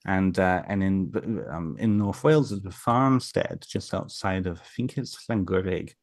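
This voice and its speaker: Male guest, deep voice, rambling storyteller, dry close sound. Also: unhurried, dry recording. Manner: rambling, many fillers and restarts. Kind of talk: casual storytelling in an interview.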